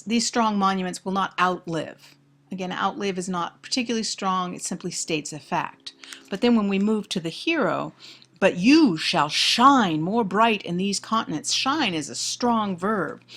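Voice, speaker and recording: A woman gives a thoughtful close-reading lecture on poetry, stressing key words and reading verse aloud slowly. Her voice is fairly low, gravelly and a bit bright.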